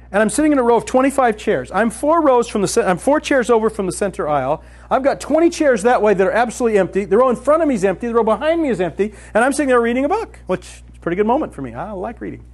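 Fiftyish guy with a slightly high voice telling a story in a sermon, animated, does all the voices. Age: 50s. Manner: lively storyteller who acts out dialogue.

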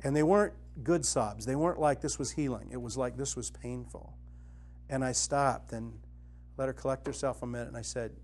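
Speaking a little fast over a faint hiss or hum, a middle-aged Christian author and teacher offers a conversational spiritual lesson. He recounts personal stories earnestly, his voice softening low and then rising with conviction.

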